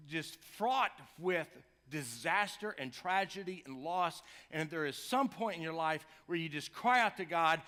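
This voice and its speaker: A man's voice: a little high, pushed and bright. A middle-aged man preaching a sermon in a church, talking to the congregation in a chatty, joking way and building to passionate cries. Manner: conversational, jokey asides, rising to impassioned cries. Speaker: pastor. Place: church sanctuary.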